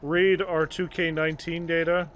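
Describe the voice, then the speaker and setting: A man's voice: fairly high pitch, little pitch movement, moderate pace, fairly bright tone, a little hiss or hum. A young man streaming a wrestling video game, with sarcastic, muttering commentary. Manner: sarcastic, swearing, muttering asides. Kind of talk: casual gameplay commentary. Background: game music.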